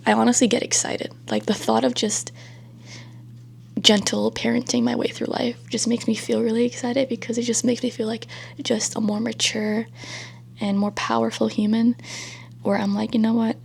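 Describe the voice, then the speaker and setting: A young woman chats casually in a soft, breathy near-whisper that stays gentle and reassuring. Her voice sits a touch high, with a husky, gravelly texture. She rambles loosely and fills her sentences with easy fillers. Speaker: vlogger. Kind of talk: casual self-help chat.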